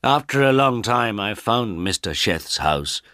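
A man narrating a first-person story in a slow, plain reading style for English learners. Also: on the low side, animated, sharp tone, no echo, clean studio sound.

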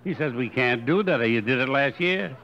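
An older man doing stand-up comedy on a hotel stage, firing off quick deadpan one-liners into a stage microphone. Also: medium pitch, background noise. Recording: dull live recording, faint room ambience.

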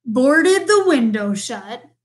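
Woman reading a kids book out loud, high voice, takes it slow. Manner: slow, expressive read-aloud delivery. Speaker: storybook reader. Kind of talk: reading a picture book aloud.

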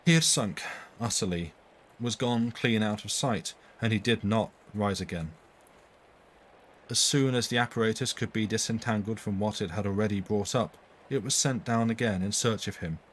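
A man's voice: lowish voice, normal speed, slight background noise, low-quality recording. A man reading a ghost story aloud on a live stream, lifting his voice for the quoted lines and correcting his own slips as he goes.

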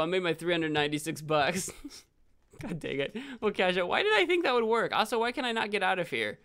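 Bright excitable young man streaming a game. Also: high voice, a little fast. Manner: rambling, self-correcting, excitable outbursts. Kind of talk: live game stream commentary.

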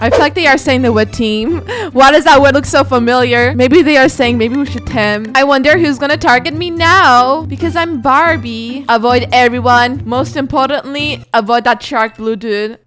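A woman with a high, bright-sounding voice talks her way through a video game, reacting fast and chattering excitedly. Quiet background music plays beneath her commentary. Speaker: gaming video host. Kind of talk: live gameplay commentary.

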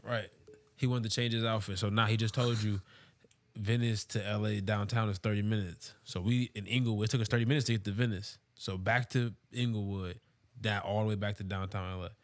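A man's voice: lowish voice, steady tone, a little fast, no room sound. A man on a casual podcast who cuts in to add details to the story, speaking in slang. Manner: interjecting, fills in details, slangy. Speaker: podcast co-host. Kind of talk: casual chat.

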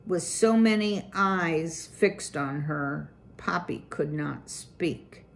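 Woman storyteller, low gravelly voice, slow unhurried read-aloud. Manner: slow, deliberate reading. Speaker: storyteller reading a children's book.

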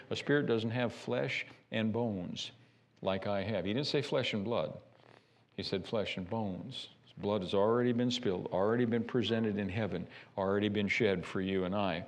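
A man preaching a sermon as pastor of a church, animated and repeating himself as he builds each point. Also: fairly low pitch, moderate pace. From United States. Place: church sanctuary.

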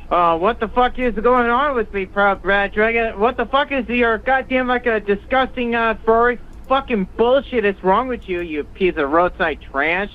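Very high-pitched man on a tinny phone line. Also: normal speed, hardly any pauses. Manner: hurls long strings of profane insults. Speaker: caller. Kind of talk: insult-trading phone call.

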